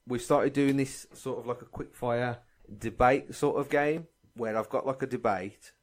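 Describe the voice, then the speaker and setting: Laughing podcast host. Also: male voice, medium pitch, steady tone. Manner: laughs often, runs quick-fire games. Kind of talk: casual chat.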